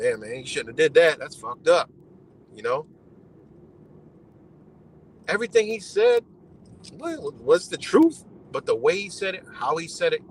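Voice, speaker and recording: A man's voice: fairly high pitch, a bit bright, a little hiss or hum, poor audio. A man ranting on a live stream in a heated, profane way, repeating his points and tagging them with "you know". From United States. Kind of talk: casual rant on a live stream.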